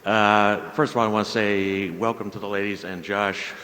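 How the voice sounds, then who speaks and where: Low-voiced fan asking slowly. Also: male voice, steady tone, sharp tone, in a large hall, low-quality recording. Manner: formal, drawn-out, halting.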